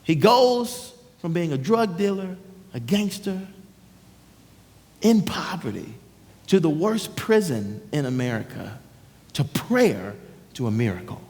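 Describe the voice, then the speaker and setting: A man preaching a sermon as a story, animated and emphatic. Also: on the high side, slow pace, long pauses. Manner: animated, emphatic, acts out voices. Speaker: pastor. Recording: long reverb of a large hall.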